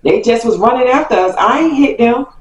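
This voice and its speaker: A woman voicing a defiant teenage boy on a bike who indignantly denies everything, his lines pitched higher than her narration. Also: brisk, muffled recording. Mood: indignant denial. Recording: roomy, distant mic.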